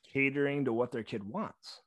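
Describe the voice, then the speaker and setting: A man co-hosting a casual chat, telling stories bluntly and excitably, with plenty of swearing. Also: medium pitch, normal speed, no echo. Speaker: podcast co-host.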